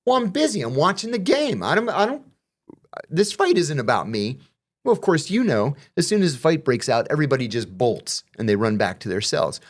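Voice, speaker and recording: A middle-aged man telling stories in a loose, conversational way. His pitch swings widely as he acts out the quoted back-and-forth, and he swears freely. The delivery is lively and animated. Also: moderate pace. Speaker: guest telling prison stories. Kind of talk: casual storytelling conversation.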